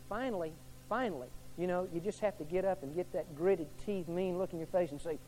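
A man preaching a sermon as pastor, swinging from hushed to loud and repeating his questions to the congregation. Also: high-pitched, expressive, quick pace.

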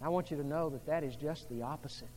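Male pastor preaching, high voice, hushed then emphatic, long hall reverb. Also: quick pace, slight background noise. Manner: shifts between hushed intimate tones and emphatic rising delivery. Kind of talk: sermon.

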